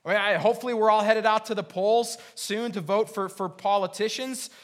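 Male pastor, sermon, high voice, earnest, repeats himself, rhetorical questions. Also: fairly even intonation, brisk. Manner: frequent restarts and stammered repeats.

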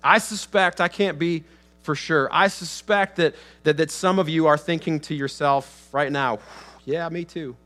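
Pastor preaching with a faint hum. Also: male voice, a little high, normal speed, pushed and bright. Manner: conversational with frequent restarts and acted-out quotes. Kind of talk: sermon. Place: church sanctuary.

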